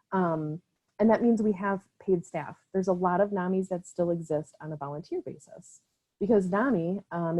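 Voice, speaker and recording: Her voice is on the low side with a dark tone: a young Upper Midwest woman from Wisconsin leading an online training session for a mental health nonprofit. She talks casually, leaning on fillers and tagging "right?" often, over slightly dull lo-fi call audio.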